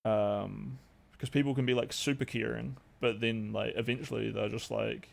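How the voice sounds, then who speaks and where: Gravelly young man rambling on stream. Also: on the low side, level tone, moderate pace. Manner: rambling, heavy swearing, many fillers. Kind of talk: casual live-stream chat.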